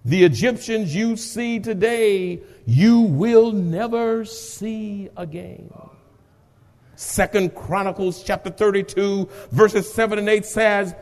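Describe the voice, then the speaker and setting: A man's voice: high-pitched, a little mellow, in a large hall. A pastor preaching a sermon and reading scripture aloud, with dramatic call-and-response to his congregation.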